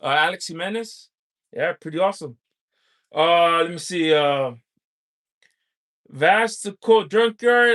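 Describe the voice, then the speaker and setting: A man with a high voice chats casually on a livestream, answering viewer comments. He talks slowly, halting and pausing often with filler sounds between thoughts. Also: animated, pushed and bright. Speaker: livestream host.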